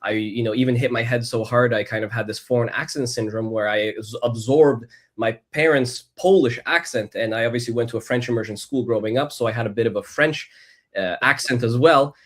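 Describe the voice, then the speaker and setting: A man from Canada, a podcast guest, telling his personal story in a reflective, measured way with frequent restarts. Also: medium pitch.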